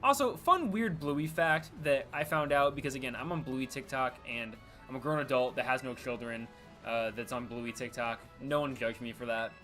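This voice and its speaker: A man's voice: medium pitch, normal speed, pushed and bright, soft background music. A young man casually chatting while streaming a game, rambling and full of fillers, laughing easily. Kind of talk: casual live gameplay commentary.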